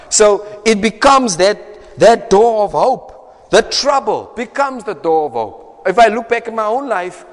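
A man preaching a sermon in a conversational way, repeating phrases and often asking "right?". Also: high voice. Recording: echoey hall.

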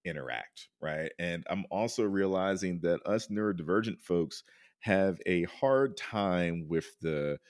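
Low-voiced man, dry close sound. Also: a little slow, dry recording. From United States. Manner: informal, rambling, frequent "right?" and "like"; gets loud and high-pitched when excited. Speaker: counselor and podcast guest. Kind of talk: candid interview conversation.

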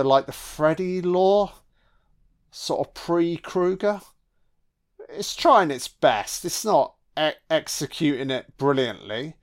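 Slow, sweary man. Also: a little high. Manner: sweary, sarcastic, mocking. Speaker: film commentator. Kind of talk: casual film commentary.

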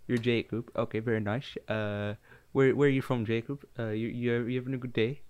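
A man's voice: mid-range voice, steady tone, brisk, darkish tone, clear, resonant tone. A young man co-hosting a casual podcast chat, rambling with lots of fillers and repeated phrases. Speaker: podcast co-host.

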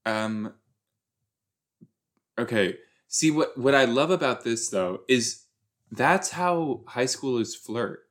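Podcast host, male, from LA, rambling and giggly, slow unhurried pace. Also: medium pitch, fairly bright tone. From Los Angeles area. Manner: giggly, rambling, self-mocking. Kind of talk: rewatch reaction commentary.

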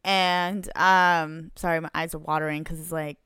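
Podcast co-host, woman, low-pitched and smooth, animated storyteller who swears freely, dry close mic. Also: moderate pace, no room sound. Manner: animated, swears freely, plays out quoted dialogue.

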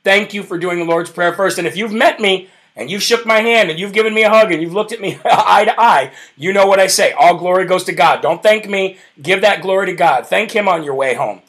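A man hosting a live political talk show, fervent and preacher-like, reading viewer comments out loud. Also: high-pitched, fairly quick, few pauses.

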